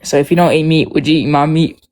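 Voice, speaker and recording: A man calling in to a casual debate who talks haltingly and joking, stumbling over his words. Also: on the high side, steady tone, a little mellow. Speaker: caller.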